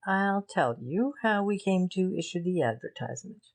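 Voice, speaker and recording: A woman reading a shrewd gentleman who lays out his reasoning in a measured, deliberate way. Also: lowish voice, lively intonation, pitched above the performer's own voice. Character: shrewd male gentleman explaining a case.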